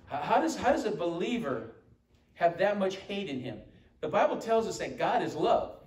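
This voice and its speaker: A man's voice: high-pitched, big pitch swings, moderate pace, a little mellow. Male pastor, fervent sermon delivery, roomy church echo. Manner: emphatic, quoting scripture with call-and-response. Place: church sanctuary. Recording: echoey church room from far off.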